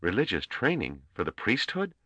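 Man voicing a cocky young male space trader, quick breezy retorts, bright tone, dry close sound. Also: fairly low pitch, wildly swooping pitch, dry recording, pitched above the performer's own voice, exaggerated voice.

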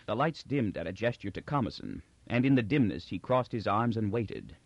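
Man, story narration, animated pitch, dull lo-fi recording. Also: moderate pace, no room sound. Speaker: audiobook narrator. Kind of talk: scripted narration.

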